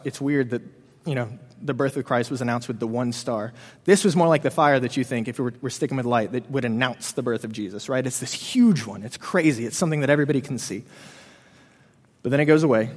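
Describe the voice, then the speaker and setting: Fast-talking man preaching in a hall. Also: medium pitch. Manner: conversational, retells the story with frequent "um" and "you know". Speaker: preacher to students. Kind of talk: casual sermon storytelling. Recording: reverberant hall.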